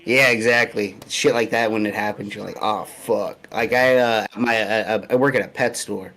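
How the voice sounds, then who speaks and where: A man's voice: lowish voice, steady tone, moderate pace, bright, forceful tone. A young man co-hosting a podcast, talking in loose, slangy casual chat and swearing freely. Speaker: podcast co-host.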